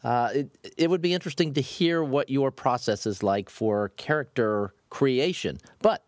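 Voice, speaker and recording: A man's voice: medium pitch, normal speed, no echo, clean studio sound. A man co-hosting a casual podcast, chatty and friendly, with some stammered starts. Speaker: podcast co-host. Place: home in Florida.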